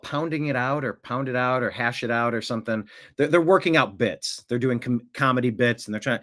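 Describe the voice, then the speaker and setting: A man's voice: mid-range voice, a bit bright. A man hosting a casual livestream, talking in a rambling, jokey way and often interrupting himself. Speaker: livestream host.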